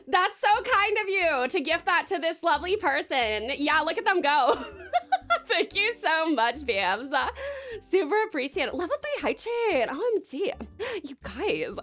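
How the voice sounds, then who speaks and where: A woman's voice: very high-pitched, sing-song, slow pace, pauses often, sharp tone. A young Australian woman from Tasmania live-streaming, gushing, swearing and thanking her viewers. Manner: bubbly, gushing and sweary, with frequent laughs.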